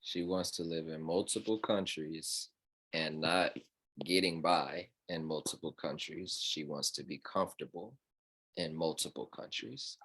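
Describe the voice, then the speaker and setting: A woman's voice: very deep voice, steady tone, measured pace, a bit bright, slightly rough. A woman co-hosting a video call, politely reading out questions to the guest. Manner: polite, reads questions, says "ma'am". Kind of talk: casual chat on a video call.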